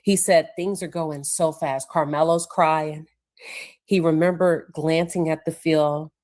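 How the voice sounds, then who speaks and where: Woman livestream host with a deep, low voice; casual and chatty, stops to look at her notes. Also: fairly even intonation, darkish tone. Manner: conversational, pauses to check her notes. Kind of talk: casual livestream commentary recounting court testimony.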